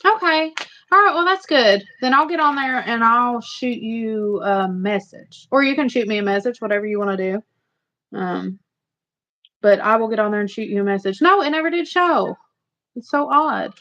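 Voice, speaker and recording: A woman's voice: fairly high pitch, animated, normal speed, pushed and bright. A woman hosting a casual livestream, chatting and rambling to her viewers. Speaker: livestream host. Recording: slightly muffled lo-fi audio.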